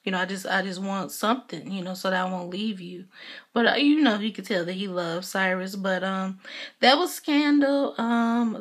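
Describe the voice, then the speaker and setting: A woman's voice: mid-range voice, fairly bright tone. A young woman vlogger giving a casual, chatty recap of a TV episode, retelling scenes and quoting characters as she goes.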